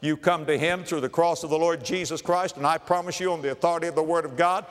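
A man preaching a sermon, swinging from loud declarations to hushed low phrases, with slow emphatic repetition. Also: steady tone, long reverb tail.

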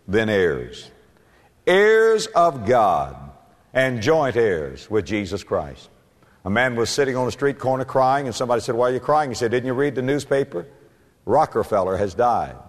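Emphatic man preaching in a reverberant hall. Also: mid-range voice. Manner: emphatic preaching, slows and rises on key words. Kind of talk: sermon.

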